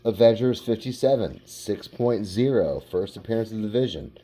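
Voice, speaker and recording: A man hosting a casual collection vlog, relaxed and rambling, with lots of "like". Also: fairly low pitch, normal speed. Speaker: comic book collector.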